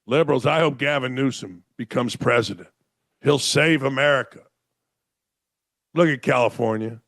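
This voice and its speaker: A man's voice: medium pitch, moderate pace, fairly bright tone, no echo. Sarcastic ranting male talk host, dry sound. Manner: sarcastic, ranting, rhetorical questions. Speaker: sports talk show host. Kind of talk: opinionated commentary monologue. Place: home studio in Florida.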